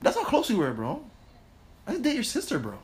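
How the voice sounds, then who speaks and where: Animated man telling a story. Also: high-pitched, fast. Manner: animated, swears, laughs mid-story. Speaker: host. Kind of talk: casual storytelling chat.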